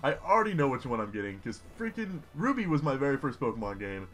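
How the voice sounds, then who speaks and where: A young man giving rambling, excitable commentary while playing a video game. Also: mid-range voice, quick pace. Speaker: gaming YouTuber. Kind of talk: casual Let's Play commentary.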